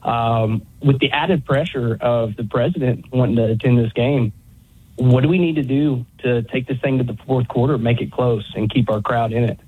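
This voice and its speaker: A man's voice: mid-range voice, moderate pace, husky. A man from Northeast Tennessee calling in to a sports radio show, polite and eager. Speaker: caller. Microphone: telephone. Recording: phone line.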